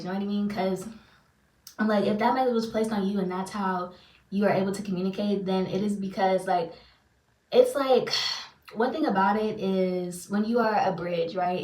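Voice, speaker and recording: A woman's voice: medium pitch, fairly even intonation, a little fast, a little mellow. A woman who works as a spiritual reader and channeler, talking to her viewers in a loose, chatty and self-deprecating way with lots of fillers. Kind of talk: casual rambling monologue to viewers. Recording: roomy sound, far from the mic.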